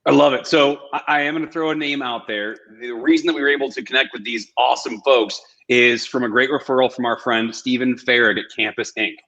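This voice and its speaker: A man's voice: mid-range voice, a little fast, hardly any pauses, pushed and bright. Man, webinar host, upbeat, joking, casual, muffled call sound. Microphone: video call. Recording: muffled video call audio.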